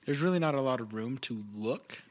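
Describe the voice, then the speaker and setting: A man's voice: mid-range voice, animated, fairly quick. A man narrating scenes as game master in a laid-back, descriptive way. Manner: easygoing, descriptive.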